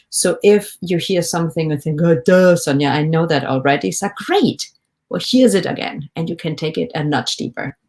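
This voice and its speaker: A woman hosting a solo podcast, talking listeners through why they feel stuck in a gentle, encouraging way and asking them questions as she goes. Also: low voice. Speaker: podcast host, life coach. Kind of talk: reflective solo podcast talk.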